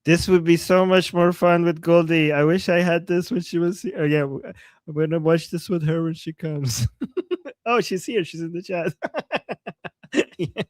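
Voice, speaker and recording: A man from Iran co-hosting a live reaction stream, excitable and laughing often, with bursts of exclamations. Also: a little high, normal speed, no room sound. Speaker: livestream co-host.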